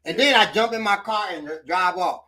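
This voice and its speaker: A man's voice: high voice, normal speed, bright, forceful tone, recorded from a distance. A man teaching self-defense, talking casually and coaching while he demonstrates moves.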